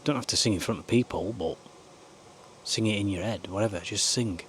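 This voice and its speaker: A man's voice: on the low side, a little fast, fairly bright tone, slight background noise. A man giving rambling, earnest life advice to camera from a small camper van. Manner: rambling, earnest, swears now and then. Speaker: vlogger. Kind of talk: casual advice talk to camera.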